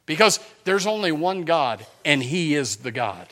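A man preaching a sermon as a pastor, impassioned, swinging from near-shouting down to hushed whispers. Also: on the high side, sing-song, a little slow.

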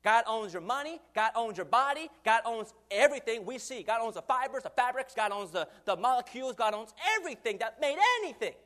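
A man in his twenties preaching a sermon in an animated way, acting out quoted voices and chuckling often. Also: very high voice, a little fast, few pauses. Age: 20s.

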